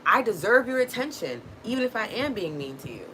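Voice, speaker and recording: A woman's voice: fairly high pitch, sing-song, fairly quick, background noise, voice pushed up. A woman putting on the voice of a resentful parent who scolds and demands attention. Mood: indignant. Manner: indignant, scolding.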